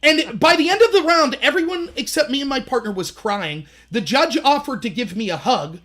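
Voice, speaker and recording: A man in his thirties hosting a livestream, telling animated stories in casual commentary and acting out the voices he quotes. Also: very high voice, moderate pace, hardly any pauses. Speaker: livestream host.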